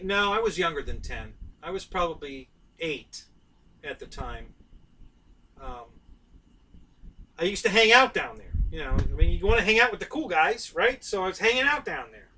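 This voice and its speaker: A man's voice: a little high, pushed and bright, recorded from a distance, low-quality recording. A man hosting a live stream, telling a story in a rambling, chatty way full of fillers and restarts. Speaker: host of a live stream about model aircraft.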